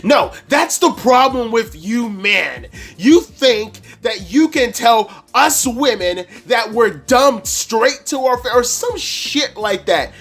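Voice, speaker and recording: A man doing a shrill, indignant woman customer. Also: flat delivery, very fast, few pauses, soft background music. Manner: snappy, indignant, loud. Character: hostile shrill middle-aged woman customer.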